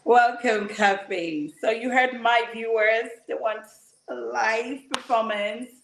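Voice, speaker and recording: Chatty talk-show hostess in echoey room. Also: female voice, fairly high pitch, steady tone, takes it slowly, creaky, fairly bright tone, a little hiss or hum. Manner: chatty, laughs often, calls guests "girl". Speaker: host. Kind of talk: live streamed talk show.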